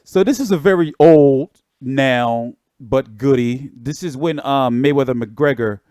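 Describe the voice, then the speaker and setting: This boxing channel host talks in laid-back, meandering livestream commentary packed with fillers. His mid-range voice moves a little slowly and has a darkish, clear, resonant tone. There's no echo, just clean studio audio.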